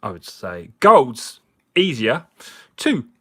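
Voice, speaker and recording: A man's voice: medium pitch, huge pitch swings, slow, sharp tone, husky. A man, slightly drunk, hosting a casual live chat with viewers, jokey and chatty and laughing often. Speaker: livestream host. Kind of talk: casual live chat while cleaning finds.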